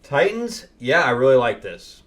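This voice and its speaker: A man's voice: mid-range voice, sing-song, moderate pace. Guy doing a laid-back comic review, rambly, laughs a lot. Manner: rambling, loose, laughs at his own retelling. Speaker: comic book reviewer and host.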